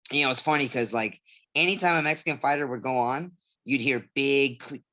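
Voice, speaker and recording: Pushed and bright, a medium-pitched male voice moves fairly quickly as an MMA fighter guest from Southgate, California, rambles casually in an interview. He tells stories and acts out voices along the way.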